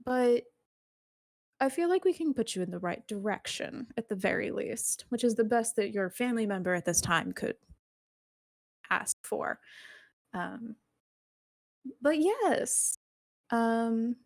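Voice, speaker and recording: A woman voicing a poised, scheming businesswoman who speaks in a smooth, measured, courteous way. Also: on the high side, animated, darkish tone, no echo, studio quality, exaggerated voice. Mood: silky, businesslike.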